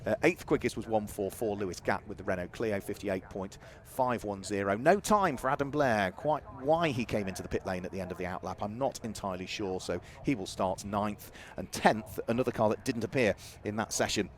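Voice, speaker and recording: A man's voice: fairly low pitch, a little fast, few pauses. A man commentating live on club motor racing, methodically reading out lap times and grid positions.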